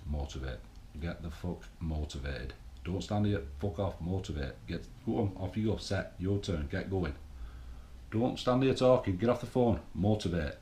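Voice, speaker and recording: A middle-aged man gives a blunt, swearing, rambling pep talk straight to camera. His voice sits fairly low. The room around him rings with echo. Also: darkish tone, a little hiss or hum. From England. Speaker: bodybuilding vlogger. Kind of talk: casual monologue to camera. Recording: echoey room.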